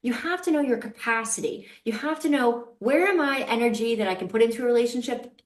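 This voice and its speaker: Animated, emphatic woman in an echoey room. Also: fairly high pitch, brisk. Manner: animated, emphatic, laughs often. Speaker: dating coach, podcast host. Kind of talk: candid conversational chat.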